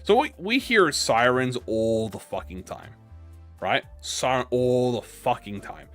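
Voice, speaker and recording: A man's voice: medium pitch, animated, a little slow, a bit bright, faint music behind. A young man, a gaming YouTuber, telling a rambling, profane anecdote in casual chat, with lots of restarts.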